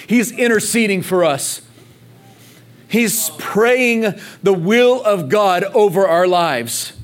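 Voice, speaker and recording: A man's voice: high voice, animated, slow pace. A man preaching a sermon, passionate and emphatic, repeating phrases and calling on the congregation to respond. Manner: emphatic repetition. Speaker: pastor.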